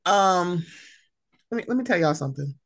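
A woman hosting a podcast in casual chat, animated and sassy, acting out exchanges with people. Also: fairly low pitch, normal speed. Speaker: podcast host.

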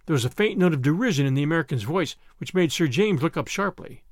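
A man narrating a novel as an audiobook reader, steady and even-toned. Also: fairly high pitch, quick pace, few pauses, dry recording, clean studio sound.

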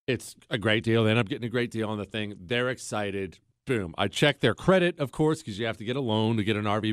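A man hosts a podcast, telling a long story in a loose, joking way and speaking straight to his listeners with plenty of animation. His voice is medium-pitched, and the recording is studio quality with no room sound.

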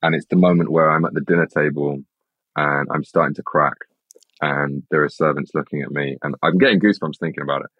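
Very deep-voiced husky young man. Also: fairly quick, no room sound. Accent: British. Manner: rambling, animated storytelling with restarts. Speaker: actor guest. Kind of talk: casual interview chat. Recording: slightly dull lo-fi sound.

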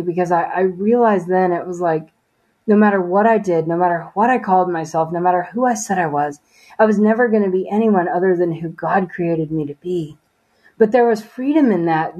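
A woman's voice: fairly low pitch, dark tone, highs cut off. A woman sharing a personal faith testimony as an interview guest, talking earnestly and casually with many fillers.

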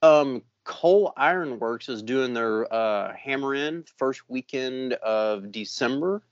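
A man co-hosts a podcast in loose casual chat, rambling and dropping swear words constantly. His voice sits at an ordinary pitch for a man. The recording is dry and slightly dull. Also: expressive, takes it slowly, dry recording. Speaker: podcast co-host.

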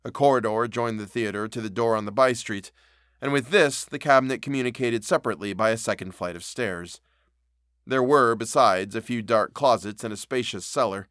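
A man reads a classic novel aloud in a measured, solemn manner, his voice sitting at an ordinary middle pitch. The recording is dry and close, with no room sound around it. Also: fairly bright tone, dry recording. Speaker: narrator. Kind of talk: audiobook reading of a classic novel.

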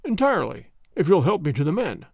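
A man's voice: a little high, very animated, fast, creaky, slightly rough, dry recording, studio quality, heavily acted. A man voicing a bluff, hearty police inspector with a blustering manner. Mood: businesslike.

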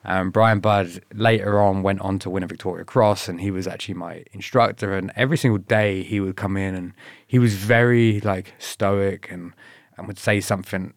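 A man's voice: sits low, steady tone, normal speed, no room sound, studio quality. A man telling stories in a casual interview, laughing often and swearing as he acts out what others said to him. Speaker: guest.

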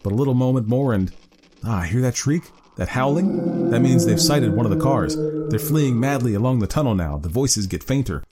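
A man's voice: mid-range voice, animated, moderate pace, noisy background, close to an everyday voice. A man voicing a grim middle-aged man who hunts ghouls beneath the city, fervent and gloating. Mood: frenzied. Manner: fervent, rising to frenzied gloating. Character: grim middle-aged male underground ghoul-hunter chief. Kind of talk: dramatic story reading.

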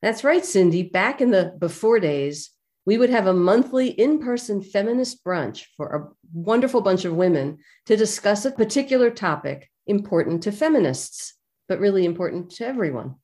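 A woman's voice: medium pitch, animated, moderate pace, warm tone. A woman psychologist co-hosting a podcast, inviting listeners in a scripted intro.

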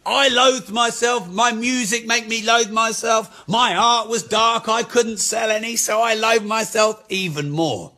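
A man's voice: high voice, unhurried, hardly any pauses, bright, forceful tone. A man who speaks frankly and swears freely, giving a candid motivational talk about his business life.

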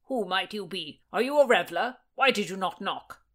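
A woman's voice: mid-range voice, animated, normal speed, lightly acted. A woman voicing a touchy young male nobleman who sputters indignant insults in an audiobook. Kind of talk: audiobook character voice.

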